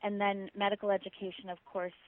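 A middle-aged woman physician speaks candidly and reflectively as an interview guest, at an ordinary pitch for a woman. Her voice comes through a narrow, phone-like line. She recounts personal experience with earnest openness. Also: little pitch movement, fast. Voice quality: earnest, reflective, with soft laughs.

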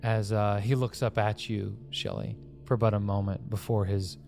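A man running a tabletop game, describing scenes in an unhurried way with frequent fillers. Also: fairly low pitch, fairly even intonation, vocal fry, a little mellow, soft background music. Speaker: game master.

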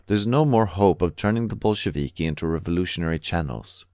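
A low, urgent emigrant radical confides his plans in a dead-dry audiobook reading, voiced by a man. He sounds earnest and secretive, pressing each point. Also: animated, brisk, a little mellow, dry recording. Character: emigrant anarchist bookseller, earnest, conspiratorial man.

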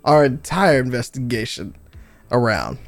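A man voicing a hard-drinking, scheming grown man in a tabletop game, speaking bluntly and in a low mutter. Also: sing-song, unhurried, dry recording, soft background music. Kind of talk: tabletop role-play character voice.

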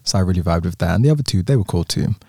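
A man co-hosting a podcast, easygoing and quick to laugh while chatting about music. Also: deep voice, vocal fry, dry recording, studio quality. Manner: easygoing, laughs often, lively intonation. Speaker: podcast co-host. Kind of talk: casual music chat.

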